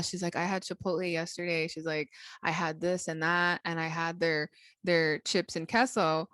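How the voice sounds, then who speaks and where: A woman's voice: lowish voice, dry recording. A woman co-hosting a podcast, telling a story in casual chat, laughing often and acting out other people's lines. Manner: animated, laughs often, acts out quotes. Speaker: podcast co-host.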